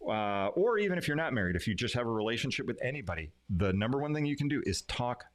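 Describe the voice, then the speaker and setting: A man coaching viewers on communication in a live stream. His voice is lively and sits at a middle pitch. He breaks up his tempo, drops to a softer voice, and leans on single words for emphasis. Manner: animated, plays with pauses, pitch and emphasis. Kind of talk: live-streamed lesson, talking to camera. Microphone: streaming setup.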